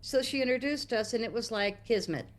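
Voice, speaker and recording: Animated American woman telling a story. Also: brisk. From United States. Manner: animated, acts out quotes with big pitch jumps. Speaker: interview guest. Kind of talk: storytelling interview.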